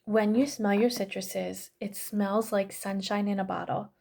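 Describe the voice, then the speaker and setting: A woman's voice: medium pitch, flat delivery, unhurried, creaky, darkish tone. A woman in her thirties teaching a casual online class, chatty and full of fillers, often correcting herself. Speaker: yoga and essential oils class teacher.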